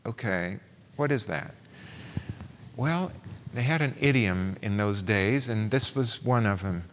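A man's voice: lowish voice, expressive, takes it slowly, long reverb tail, slight background noise. A man preaching a sermon, posing rhetorical questions and reading scripture aloud.

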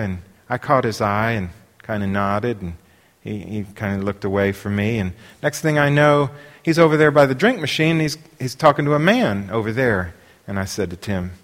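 A preacher tells a story from the pulpit in a loose, rambling way, full of "you know" and restarts. His voice sits at a mid pitch. It is heard through long reverb, as in a large hall. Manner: rambling storytelling with many fillers. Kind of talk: sermon anecdote.

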